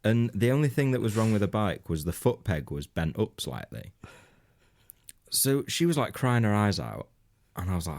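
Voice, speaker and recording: A man's voice: fairly low pitch, very animated, moderate pace, a little mellow. A man co-hosting a comedy podcast, telling a rambling anecdote in casual banter, laughing often and swearing freely. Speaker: podcast co-host.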